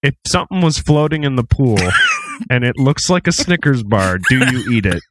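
Male podcast host, jokey, drawn-out delivery, lively pitch. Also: noisy background. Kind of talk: casual comedic podcast chat.

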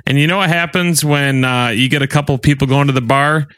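Male co-host, average pitch, easy banter. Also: fairly even intonation, fast, noisy background. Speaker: podcast co-host. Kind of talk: casual chat.

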